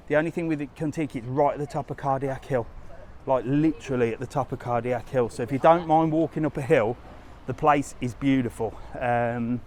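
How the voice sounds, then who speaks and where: A man's voice: mid-range voice, a little mellow, a little hiss or hum. A man hosting a casual live walking tour outdoors, chatting easily to his viewers and reading their comments aloud. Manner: chatty, easygoing, talks straight to viewers. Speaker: travel vlogger and live-stream host. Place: outdoors on a resort street, walking.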